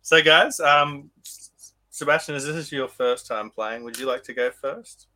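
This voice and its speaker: Australian man, podcast host, upbeat quizmaster, bright tense tone. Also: medium pitch, measured pace. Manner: upbeat, leads the talk and explains rules. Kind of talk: casual podcast chat, quiz hosting.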